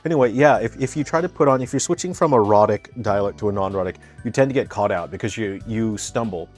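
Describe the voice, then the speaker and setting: Man, very low voice, chatty game-dev commentator, digressive, self-correcting, faint game music behind. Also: fast talker, a little mellow. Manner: rambling, digressive, explains terms at length; frequent restarts and self-corrections. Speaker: game developer playing and commenting. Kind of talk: casual gameplay commentary.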